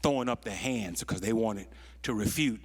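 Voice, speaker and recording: A man in his sixties preaching a storytelling sermon, dropping to hushed tones and then rising to loud peaks, drawing out key phrases slowly. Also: on the low side, breathy edge. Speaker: pastor.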